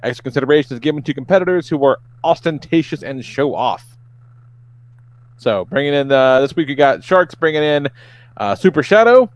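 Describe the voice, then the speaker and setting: A man's voice: fairly high pitch, lively intonation, no echo. Dry-voiced man hosting a podcast. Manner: loose and profane, lists entries briskly. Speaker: podcast host running a game segment. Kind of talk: casual podcast chat.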